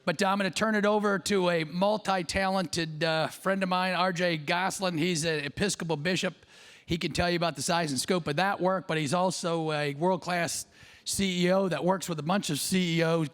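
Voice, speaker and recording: A man's voice: high voice, steady tone, moderate pace, a bit bright, clear, resonant tone. A man hosting a live summit who is losing his voice, talking upbeat with many fillers in an event room before an audience. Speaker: summit host.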